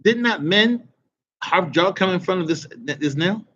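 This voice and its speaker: Male Arabic tutor, online class, quizzes and praises, casual slangy asides; a touch high, muffled lo-fi sound. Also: animated, measured pace, a bit bright, breathy edge. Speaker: Arabic teacher. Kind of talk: online Arabic grammar lesson.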